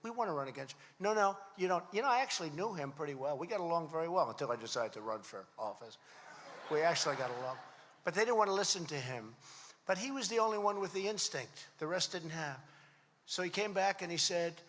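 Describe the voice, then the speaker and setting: The man, in his seventies, speaks fairly quickly in an expressive, somewhat high and slightly bright voice. His rally speech rambles and repeats, told as conversational stories, and the large hall adds long reverb.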